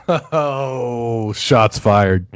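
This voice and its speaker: A podcast host from Fayetteville, Arkansas, with a light Northwest Arkansas Southern accent, rambles and laughs often on his casual sports show. His medium-pitched voice is clear and resonant but extremely slow, and the audio is poor though free of echo.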